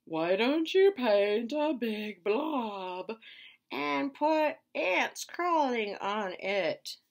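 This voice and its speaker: A woman voicing a space alien who speaks slowly, stretching every word. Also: on the high side, expressive, voice pushed up, exaggerated voice. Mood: coaxing. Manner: slow, drawn-out delivery. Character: slow-talking space alien.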